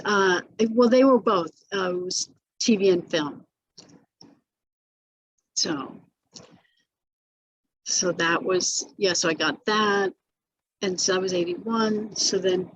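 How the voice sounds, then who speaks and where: A woman's voice: mid-range voice, breathy edge, no room sound, poor audio. An older woman being interviewed about her acting career, telling stories with many restarts, fillers and laughs. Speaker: actress interviewee. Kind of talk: casual interview recollection.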